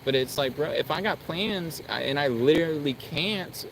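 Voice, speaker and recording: A man chatting casually outside, relaxed and agreeable, often calling his friend bro. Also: a little high, normal speed, slight background noise, poor audio. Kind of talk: casual chat.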